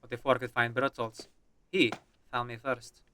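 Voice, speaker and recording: A man's voice: mid-range voice, little pitch movement, normal speed, sharp tone, a little hiss or hum. Chatty male streamer reading game story. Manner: chatty, apologetic asides.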